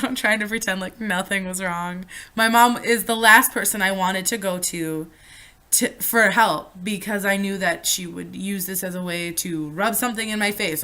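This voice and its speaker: A woman's voice: mid-range voice, moderate pace, sharp tone. A young woman chatting through a storytime vlog, swearing freely and losing her train of thought. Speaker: vlogger.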